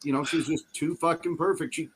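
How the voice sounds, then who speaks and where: Male host, a touch high-pitched, profane, laughs often, keeps the talk moving. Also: steady tone, a little fast, slightly rough. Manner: swearing, laughing, steering topics. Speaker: podcast host. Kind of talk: casual chat.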